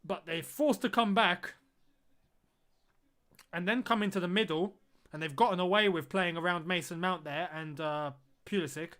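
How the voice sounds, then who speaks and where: A man's voice: high-pitched, moderate pace, pauses often, bright, forceful tone. A man streaming a football watch-along, reacting live to the match and repeating phrases as he groans and exclaims at the play.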